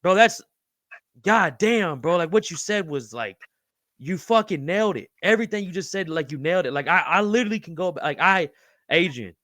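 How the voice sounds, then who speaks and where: A man's voice: high-pitched, animated, fairly quick, a bit bright, no room sound, clean studio sound. A man hosting a podcast, talking in an effusive, profane way and saying bro over and over. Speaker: podcast host. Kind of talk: casual podcast interview.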